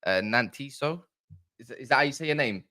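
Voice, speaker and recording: Excitable young man in fan banter. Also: medium pitch, brisk. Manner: excitable, banter-heavy, rambling. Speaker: football fan livestream host. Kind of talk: casual live chat reading comments.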